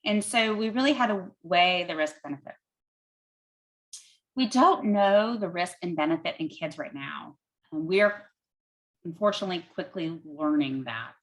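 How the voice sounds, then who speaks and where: Low-voiced woman doctor explaining plainly. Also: moderate pace, poor audio. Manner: plain-spoken, explains step by step with everyday comparisons; thinks aloud with frequent "um". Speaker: physician answering audience questions.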